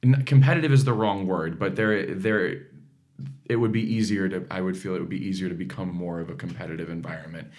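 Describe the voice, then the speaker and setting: A young man, a singer, talking as an interview guest and telling lively stories. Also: low voice, a little fast. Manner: enthusiastic storyteller, animated. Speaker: singer, talent show contestant.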